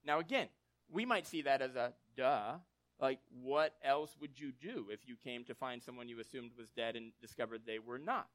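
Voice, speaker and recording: A man preaches in an easygoing, conversational style, his voice sitting noticeably high for a man. He leans into storytelling, checking in with his listeners and briefly acting out the people in the story. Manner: conversational, tag questions like "right?"; animated storytelling with acted quotes. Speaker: pastor. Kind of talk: sermon.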